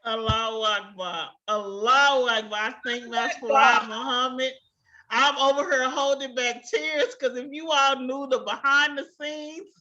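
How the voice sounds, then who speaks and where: Woman teacher, young adult, high voice, warm praise, laughs a lot; muffled call audio. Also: steady tone, measured pace. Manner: effusive, grateful, laughs often. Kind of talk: online class closing remarks. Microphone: video call.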